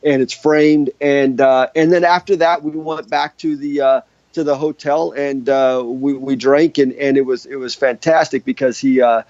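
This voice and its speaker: A man's voice: mid-range voice, fairly even intonation, moderate pace, hardly any pauses, darkish tone, no echo. Rambling male guitarist telling a story. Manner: rambling, many restarts and fillers. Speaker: guest guitarist. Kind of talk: casual interview storytelling. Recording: dull lo-fi dry sound.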